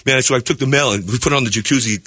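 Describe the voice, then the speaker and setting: A man on a radio studio mic, rattling off rambling stories at a quick clip. His voice is bright and edgy with a husky grain, and it swoops up and down as he acts out the other people in them. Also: medium pitch, no echo. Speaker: comedian guest. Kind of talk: animated storytelling.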